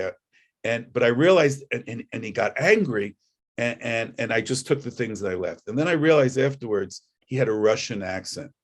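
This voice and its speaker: A man sharing a personal reflection over a video call, rambling with frequent restarts. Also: mid-range voice. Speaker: guest speaker.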